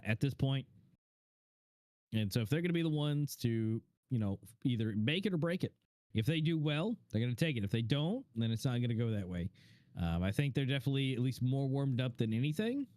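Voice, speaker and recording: A man's voice: medium pitch, lively intonation, a little fast, darkish tone, no room sound, clean studio sound. A man doing color commentary on a live esports match, meandering and full of fillers. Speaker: esports co-caster.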